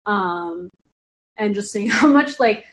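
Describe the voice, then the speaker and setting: A woman's voice: medium pitch, lively intonation, slow pace. Rambling woman in casual podcast chat. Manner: rambling, heavy use of "like". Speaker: podcast guest or host.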